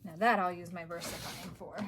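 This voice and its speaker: Woman craft host, relaxed self-talk, slow pace, noisy recording. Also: medium pitch. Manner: talks to herself while working, trailing off and muttering. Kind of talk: casual crafting commentary.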